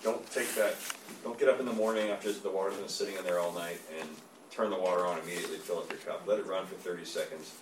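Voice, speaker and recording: A man, an engineer, giving a measured report in a meeting, with plenty of fillers. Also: deep voice, fairly even intonation. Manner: plain, measured, halting with fillers. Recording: echoey room, distant mic, noisy.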